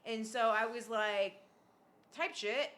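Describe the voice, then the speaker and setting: A woman's voice: a little high, takes it slowly. A woman hosting a podcast, telling a story in casual chat with lots of fillers and free swearing. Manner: animated, swears freely, many fillers. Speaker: podcast host.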